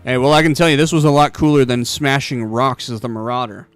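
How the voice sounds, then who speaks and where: A man's voice: medium pitch, brisk, faint music behind, lightly acted. A man voicing a wry, seasoned male rogue guild leader who tells old stories in a video game playthrough.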